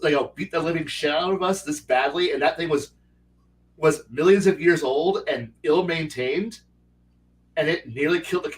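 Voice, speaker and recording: A man's voice: fairly high pitch, recorded from a distance, rough recording. A man telling stories from his tabletop game in casual chat, rambling with many restarts and acting out his players' lines. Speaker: game master.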